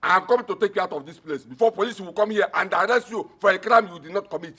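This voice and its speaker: A man's voice: high-pitched, fast, sharp tone, breathy edge, exaggerated voice. An actor playing a sly, mocking male relative who taunts a loyal wife. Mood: taunting. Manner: taunting, sneering, smug. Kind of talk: film drama acting.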